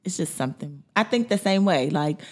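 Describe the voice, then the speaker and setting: Low-voiced woman, candid replies. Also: expressive, a little fast. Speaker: podcast co-host. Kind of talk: casual chat.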